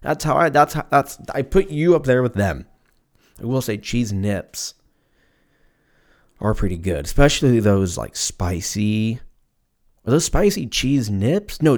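A man's voice: lowish voice, a little mellow. A young man in his twenties hosting a solo comedy podcast, rambling through profane tangents. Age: 20s. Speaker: podcast host.

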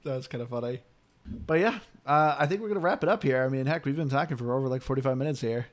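A man's voice: mid-range voice, fast talker. A man hosting a casual gaming podcast, chatty and upbeat, laughing easily. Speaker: podcast host. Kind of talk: casual chat.

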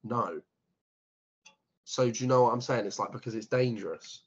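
A man's voice: mid-range voice, normal speed, dull audio, slight background noise. A young man co-hosting a podcast in casual chat, swearing freely and laughing often. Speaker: podcast co-host.

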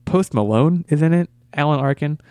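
A man's voice: a little high, lively intonation, moderate pace, dark tone, no echo. Guy hosting a movie podcast, trips over his words a lot, dry close sound. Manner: eager, stumbles and repeats words. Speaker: podcast host. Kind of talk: casual podcast movie chat.

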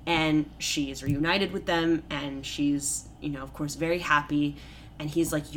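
A woman's voice: deep voice, measured pace, slight background noise. A woman co-hosting a podcast, retelling a fairy tale in a casual, comedic way with lots of swearing and filler. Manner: animated, swearing, frequent "like" and "basically".

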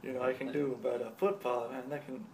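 A man's voice: medium pitch, little pitch movement, fairly quick, a little mellow, a little hiss or hum, close to an everyday voice. A man voicing a reluctant male goat from a comedy skit, whiny and hesitant.

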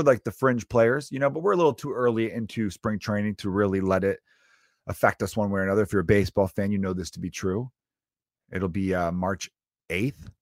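A stand-up comedian in his thirties talks on his own in a low-pitched voice, drifting from story to story with plenty of swearing and filler words. The sound is close and dry, with no room echo. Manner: rambling and profane, with frequent fillers. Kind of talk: casual solo podcast monologue.

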